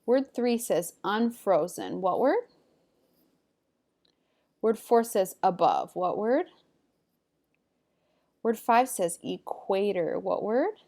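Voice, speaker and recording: In a recorded remote reading lesson, a middle-pitched woman teacher reads vocabulary words one at a time and pauses for the class to repeat them. She leads the call-and-response drills clearly and patiently, sounding animated yet a little mellow.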